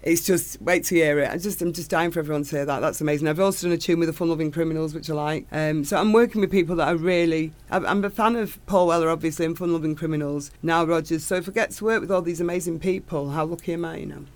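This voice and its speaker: A woman's voice: deep voice, quick pace, hardly any pauses. Gushing woman. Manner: gushing, enthusiastic, rambling storyteller. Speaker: singer, interview guest. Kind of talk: casual interview chat.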